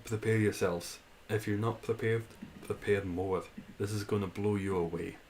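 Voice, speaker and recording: A man's voice: lowish voice, fairly even intonation, moderate pace, darkish tone, slight background noise, rough recording. A man streaming a game, chatting casually and answering his chat, laughing often.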